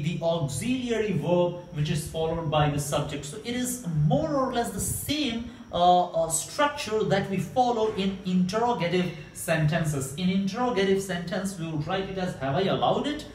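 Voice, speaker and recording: A man with an Indian English accent gives a grammar lesson, explaining slowly and repeating example sentences with emphasis. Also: high-pitched, expressive, distant mic. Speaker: English teacher. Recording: echoey room, mic set back, faint hiss.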